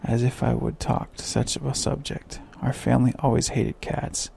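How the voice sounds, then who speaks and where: A man's voice: mid-range voice, level tone, normal speed, vocal fry, mellow, slight background noise. A man voicing a small, proud, easily offended mouse in an indignant, huffy manner.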